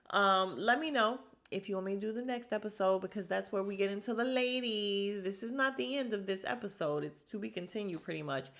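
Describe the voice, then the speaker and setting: A woman casually recapping a reality show episode for her viewers, slangy and candid, acting out the lines with big jumps in her voice. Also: gravelly. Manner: animated, acts out quotes with big pitch jumps; slangy and candid, with frequent swearing.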